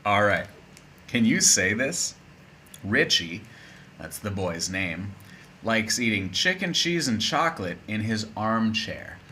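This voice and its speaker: A man's voice: on the low side, lively intonation, slow, sharp tone, slight background noise. A man teaching an English lesson in a casual, playful, chatty way, with spoken asides.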